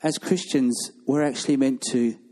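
A male pastor preaching a sermon, animated and acting out the voices of people in his stories. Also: medium pitch, moderate pace.

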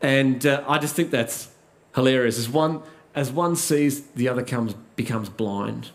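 A man's voice: medium pitch, unhurried. A man preaching a sermon, asking rhetorical questions and repeating key lines for emphasis.

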